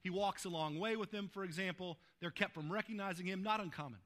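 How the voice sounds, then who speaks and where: Male pastor, high-pitched, conversational sermon delivery, keeps asking the room "right?". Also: quick pace, fairly bright tone. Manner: informal, asks "right?" to the listeners.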